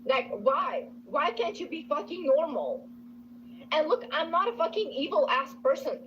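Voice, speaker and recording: High, bright woman ranting in a dull clip. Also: big pitch swings, normal speed. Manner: frustrated, swearing ranting. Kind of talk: venting to her audience. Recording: dull clip audio with faint noise.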